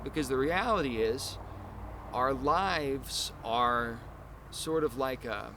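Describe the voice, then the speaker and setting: A man's voice: mid-range voice, takes it slowly. Earnest rambling man, street noise. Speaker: podcast host. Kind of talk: casual chat.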